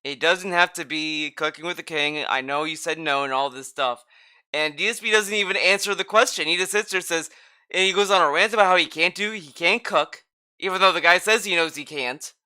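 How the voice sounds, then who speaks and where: A man's voice: fairly high pitch, fairly quick, sharp tone, clean tone. A man reacting to a stream clip, mocking and sarcastic, swearing freely as he comments.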